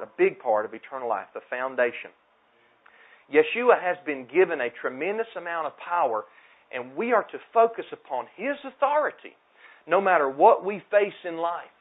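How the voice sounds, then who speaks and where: A man preaching a sermon from a pulpit, emphatic and repeating his key phrases. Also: on the high side. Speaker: pastor. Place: church sanctuary at a pulpit. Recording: tinny phone-like sound.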